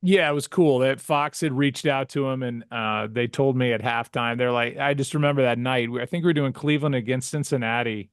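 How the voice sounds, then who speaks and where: Brief: male broadcaster guest, mid-pitch, animated storyteller with restarts, close and dry. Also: a little fast, few pauses, clean tone, no echo. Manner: animated anecdote-teller with frequent restarts. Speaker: sportscaster guest. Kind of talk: casual storytelling interview.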